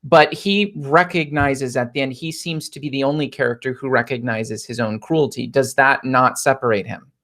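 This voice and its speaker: A man's voice: medium pitch, fairly even intonation, moderate pace, hardly any pauses, fairly bright tone. A man on a podcast panel who asks probing questions, restarting his sentences often. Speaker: podcast co-host. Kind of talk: casual roundtable discussion.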